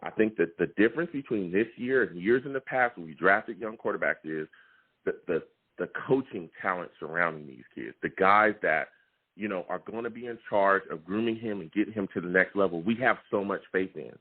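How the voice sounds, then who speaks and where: A man hosting a live sports call-in show, animated and laughing often. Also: low-pitched, a little fast, husky. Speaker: podcast host taking callers. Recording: tinny phone-line sound.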